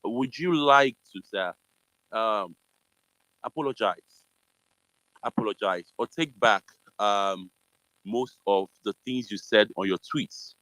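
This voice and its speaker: Low-voiced host with many fillers. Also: male voice, slow, long pauses, fairly bright tone, no room sound, poor audio. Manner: hedging, many fillers, polite but pointed. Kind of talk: live audio chat room.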